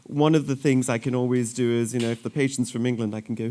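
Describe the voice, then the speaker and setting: A man's voice: medium pitch, fairly even intonation, fast talker, few pauses, dark tone. A middle-aged man from Sri Lanka, a surgeon speaking to an audience in a light-hearted, conversational way with self-deprecating jokes.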